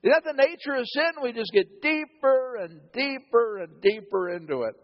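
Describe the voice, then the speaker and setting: A male pastor preaching with a high voice that swings widely up and down. He tells the story dramatically and acts out each quote. The recording is dull and lo-fi. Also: lively intonation, normal speed. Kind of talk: sermon.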